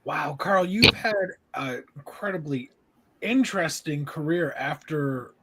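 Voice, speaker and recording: Bright-voiced enthusiastic male host. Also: a little high, animated, husky, rough recording. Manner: enthusiastic, quick reactions. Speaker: podcast host. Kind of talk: casual interview.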